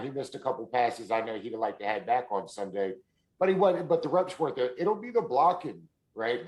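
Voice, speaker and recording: A man hosting a sports podcast, asking his guest questions in a relaxed, conversational way. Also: medium pitch, rough recording. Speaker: podcast host. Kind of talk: casual podcast interview.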